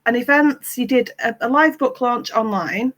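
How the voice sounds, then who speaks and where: A woman hosts a book club interview over a video call. She is friendly and encouraging, and sometimes loses her thread while doing two things at once. Her voice sits a little high for a woman. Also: normal speed, fairly bright tone, rough recording. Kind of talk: casual interview chat.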